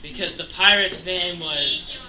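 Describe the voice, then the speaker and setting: In a camp cabin, a young man in his late teens spins a rambling, jokey tall tale stuffed with fillers, a comic storytime. His high voice has big pitch swings, a sharp tone and a measured pace. The echoey room has background noise.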